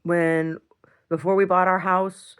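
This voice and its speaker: A woman's voice: on the low side, level tone, takes it slowly, clean tone. A middle-aged woman venting in a casual video diary, blunt and exasperated, swearing and repeating herself. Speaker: video diarist.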